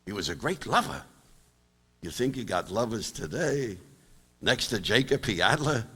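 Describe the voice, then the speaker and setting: Sing-song and sharp-toned with a breathy edge, this older comic from Brooklyn, New York, moves at a moderate pace through stand-up stories, punching out jokes with big pitch swings. He's on stage in a large high school auditorium with a long reverb.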